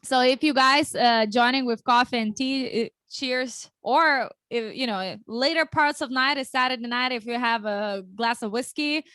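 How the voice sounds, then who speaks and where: A woman's voice: on the high side, normal speed, few pauses, a bit bright, no echo. A woman hosting a casual livestream interview, chatty and upbeat, often restarting her sentences. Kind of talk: casual chat.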